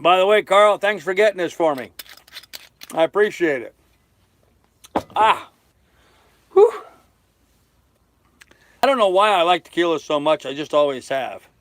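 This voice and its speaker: A man's voice: fairly high pitch, lively intonation, a little fast, a bit bright. An older man sailing on a small boat, chatting casually on a live stream as he reads out and answers viewer comments. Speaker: sailing vlogger. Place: aboard a small sailboat.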